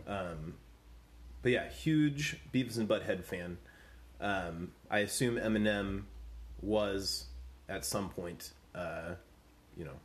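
A man's voice: low-pitched, takes it slowly, long pauses. A man co-hosting a comedy podcast with his brother, rambling in a playfully confused way. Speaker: podcast co-host. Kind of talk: casual comedic chat.

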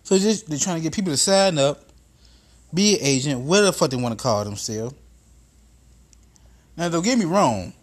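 A man's voice: fairly high pitch, lively intonation, normal speed, pauses often. A man hosting a podcast, telling a profane comedic story in a casual monologue that builds into exasperated rants. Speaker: podcast host.

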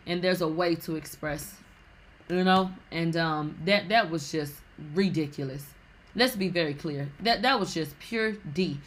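A woman hosts a gossip show in loose, casual chat. Her voice is bright and forward, and she talks in an animated, salty way, full of sassy asides. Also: fairly low pitch.

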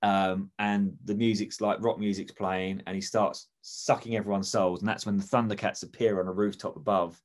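A man's voice: on the low side, level tone, normal speed, hardly any pauses. A man chatting casually, rambling enthusiastically with many restarts. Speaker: podcast co-host. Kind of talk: casual comedic chat.

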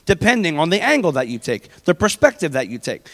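A man's voice: fairly high pitch, big pitch swings, brisk, fairly bright tone, big-room sound. A man, preaching a sermon in a conversational way, full of personal stories. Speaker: pastor.

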